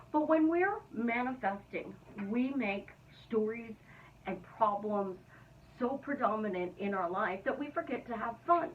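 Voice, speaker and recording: A woman coaching viewers in a light, playful vlog. Her voice sits at an ordinary middle pitch and sounds a little far from the mic. The recording is dull and lo-fi. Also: animated, moderate pace. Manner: playful and upbeat. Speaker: manifestation coach. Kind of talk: casual vlog teaching.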